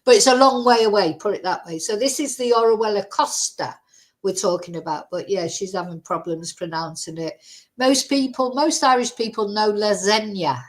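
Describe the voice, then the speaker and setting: With a medium-pitched voice and moderate pace, a woman runs a true crime livestream. She rambles chattily through casual commentary, using plenty of fillers.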